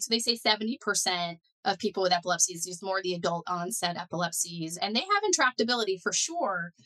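A woman's voice: medium pitch, poor audio. A middle-aged woman talking as an interview guest, telling her story with lots of "like" and "you know". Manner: animated storyteller, many "like" and "you know" fillers. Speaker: guest, foundation director and neuroscientist. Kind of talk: conversational interview.

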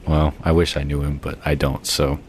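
Deep-voiced male game player. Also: level tone, normal speed, slight background noise. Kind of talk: tabletop game play.

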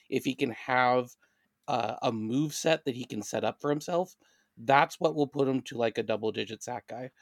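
Male analyst co-host, gravelly tone, measured and dry-humored. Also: medium pitch, no echo. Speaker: podcast co-host. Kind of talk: casual sports analysis.

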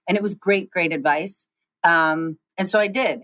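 Woman, forties, interview guest, animated storyteller, dry sound. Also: lowish voice, no room sound, low-quality recording. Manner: animated, fast storytelling with many restarts.

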